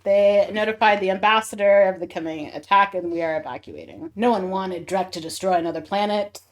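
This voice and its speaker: A woman's voice: mid-range voice, fairly quick. A woman co-hosting a casual book club chat who recaps the plot with fillers and frequent laughs. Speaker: podcast co-host.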